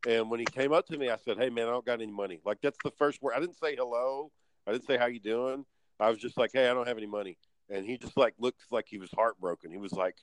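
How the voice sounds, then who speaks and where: A man with a mid-pitched voice, talking in loose, rambling anecdotes. He stumbles, restarts and stacks up fillers as he goes. The sound is dry and close, with almost no room. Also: fast talker, dry recording, rough recording. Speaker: podcast co-host. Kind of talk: casual chat.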